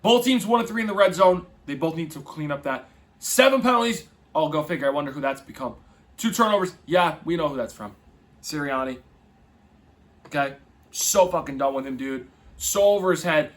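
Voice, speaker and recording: A man's voice: fairly high pitch, expressive, fairly quick. A young man hosting a casual football podcast, ranting in an exasperated, profane, emphatic way. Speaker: podcast host. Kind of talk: casual sports podcast rant.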